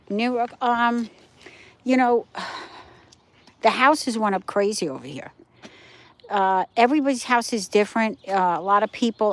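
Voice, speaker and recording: An older woman hosting a casual livestream, rambling chattily as she answers viewers' comments, recorded outdoors. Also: mid-range voice. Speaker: livestream host. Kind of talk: casual live-stream chat.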